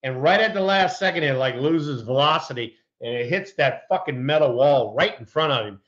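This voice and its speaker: A man's voice: mid-range voice, animated, moderate pace, fairly bright tone, highs cut off. A middle-aged man, a former pro baseball player, chatting casually and telling colorful, profane anecdotes. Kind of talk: casual sports chat and storytelling.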